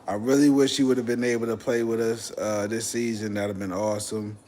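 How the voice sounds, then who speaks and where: A man's voice: lowish voice, little pitch movement, fairly quick, a little mellow. A young man from Texas hosting a casual livestream, joking and swearing as he banters with his chat. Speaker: livestream host.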